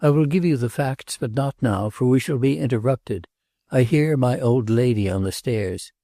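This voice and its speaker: A male audiobook narrator voicing a restless, earnest princess who speaks gravely and pleads. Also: medium pitch, moderate pace, dark tone, no room sound, clean studio sound, lightly acted. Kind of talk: audiobook character reading.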